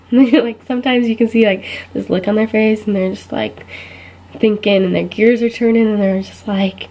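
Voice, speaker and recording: A young woman, a college student, telling a casual comedic story to camera, giggling and putting on higher voices for the people she quotes. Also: steady tone, brisk, warm tone, low-quality recording. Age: young adult.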